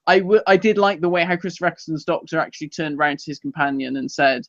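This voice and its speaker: A man co-hosting a casual live podcast, rambling and self-deprecating, quick to laugh. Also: a little high, steady tone, dry recording, highs cut off. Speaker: podcast co-host.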